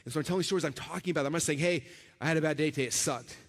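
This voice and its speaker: A man giving a storytelling keynote at a conference. He talks in an animated way and acts out the voices of the people in his stories. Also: a little high, racing. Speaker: conference speaker. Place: large event hall with a live audience. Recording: reverberant hall recording.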